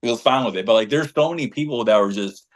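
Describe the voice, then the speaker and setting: A man co-hosting a fan podcast, telling a story in an animated, slangy and emphatic way. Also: medium pitch, quick pace. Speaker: podcast co-host and fan group leader. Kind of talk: casual podcast chat, storytelling.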